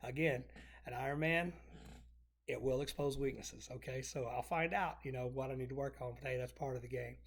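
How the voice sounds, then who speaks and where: A middle-aged man chatting casually to camera from his home exercise room, rambling, restarting phrases and clearing his throat. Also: mid-range voice, fairly quick. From North Texas. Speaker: vlogger.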